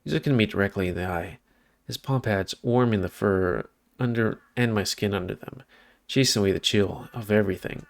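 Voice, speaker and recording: A man with a lowish, slightly gravelly voice reads a visual novel aloud for a let's play, going a little fast. He stumbles over the narration now and then, corrects himself, and breaks off for off-script asides.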